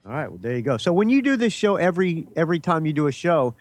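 A man's voice: fairly high pitch, very animated, fast talker, faint music behind. A man co-hosting a casual podcast chat, offhand and opinionated. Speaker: podcast co-host.

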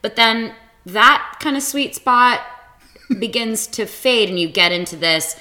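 A woman in her thirties with a low voice, telling candid, profane stories as a podcast guest in casual chat. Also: lively intonation, slow, sharp tone. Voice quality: low husky voice. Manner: candid, laughing, profane storytelling.

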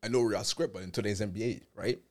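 A man's voice: on the low side, steady tone, very fast. A young man co-hosting a casual basketball chat, easygoing and often tagging on questions. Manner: easygoing, keeps asking 'right?'. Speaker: podcast co-host.

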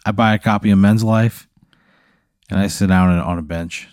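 A man's voice: lowish voice, steady tone, moderate pace, a little mellow, no room sound. A man playing a character in a tabletop game, answering in a dry, exasperated, wisecracking way. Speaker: player. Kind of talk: casual comedic role-play chat.

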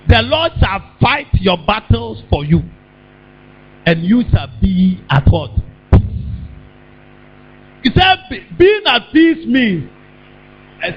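A man preaches in a high, widely swinging voice, taking his time and drawing words out. He throws questions to the congregation and now and then breaks into a shout. The recording is dull and lo-fi, with a steady mains hum underneath. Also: slightly rough. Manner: call-and-response preaching, bursts of shouting. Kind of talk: sermon.

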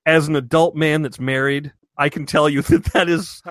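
Animated man telling stories, dry mic. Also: on the high side, moderate pace, no room sound. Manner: animated storyteller, swears freely. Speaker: podcast co-host. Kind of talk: casual chat.

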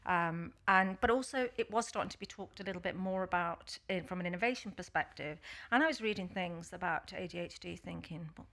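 A woman's voice: lowish voice, brisk, hardly any pauses, a bit bright. A middle-aged woman with a Liverpool accent, chatting as an interview guest, with many fillers and a self-deprecating humour. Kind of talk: casual interview.

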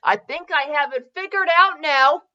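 A woman doing a fussy mad scientist who barks clipped instructions. The sound is bright and edgy. It is a muffled, lo-fi home reading. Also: high voice, moderate pace, voice pushed up. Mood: plain. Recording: dull lo-fi recording.

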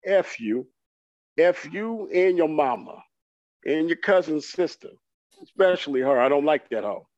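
Man ranting for comedy, mock-boastful, slightly high voice, muffled dry recording. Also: unhurried, no room sound. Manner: animated, mock-boastful, acts out his own excitement. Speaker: podcast co-host. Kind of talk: comedic rant.

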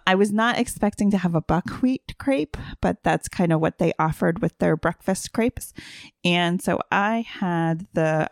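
Chatty woman with a gravelly low voice. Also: dry recording, clean studio sound. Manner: chatty storyteller, giggly. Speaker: podcast co-host. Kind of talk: casual podcast chat.

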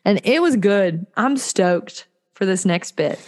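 Chatty young woman, mid pitch. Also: animated, slow, a little mellow. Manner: chatty, rambling. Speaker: mental health therapist. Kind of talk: casual family chat.

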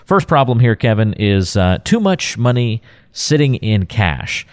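A man hosting a radio talk show, introducing topics and reading out the call-in number in a smooth, announcer-like way. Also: medium pitch, sing-song, a little slow, darkish tone. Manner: smooth announcer-like delivery, reads phone number.

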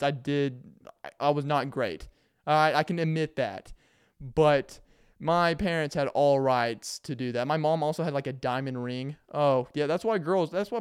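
A man's voice: mid-range voice, clear, resonant tone, dry recording, studio quality. A young man hosting a podcast, telling rambling comic stories in a casual monologue, full of laughs and acted-out quotes. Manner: rambling, animated storytelling with laughs and put-on quotes. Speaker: podcast host.

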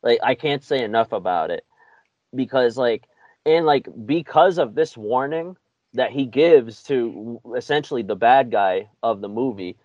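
A man's voice: mid-range voice, measured pace, darkish tone, no echo, muffled recording. A man hosting a podcast, chatting casually about a film in an easygoing, rambling way. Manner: easygoing, rambling, with lots of fillers. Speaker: podcast host. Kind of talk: casual film-review chat.

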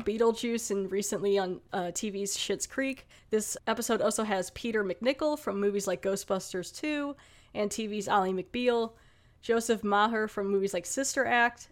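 A woman hosting a casual podcast, playful and laughing often as she reads out credits. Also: medium pitch. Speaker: podcast host.

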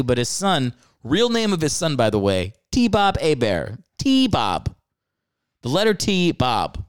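Animated, irreverent male podcast host. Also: fairly low pitch, clean tone, no echo, studio quality. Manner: irreverent, rambling, profane asides. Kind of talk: casual comedic solo podcast.

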